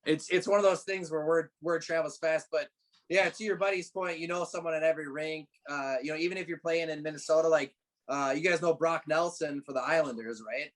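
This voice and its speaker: A young man with a fairly high voice chats as a podcast guest. He tells his stories in a loose, rambling way, full of fillers and restarts. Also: a little fast. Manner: relaxed storytelling with frequent fillers and restarts. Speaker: guest, former college hockey player. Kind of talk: casual interview chat.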